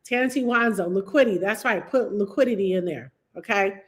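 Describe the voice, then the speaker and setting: A woman's voice: medium pitch, brisk. A woman teaching real estate investing on a live stream, emphatic and repetitive, calling on viewers by name. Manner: emphatic, repeats key phrases, addresses viewers by name.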